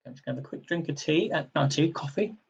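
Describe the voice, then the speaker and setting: A man hosting a live-streamed general knowledge quiz. He chats casually between questions, then reads each question slowly and repeats it. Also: fairly high pitch, animated, creaky, husky, far from the mic, lo-fi sound. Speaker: quiz host.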